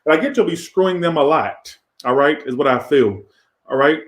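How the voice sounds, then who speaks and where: A man's voice: a little high, lively intonation, normal speed, reverberant. A man doing a casual tarot reading in a crude, profane, rambling way. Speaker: tarot reader.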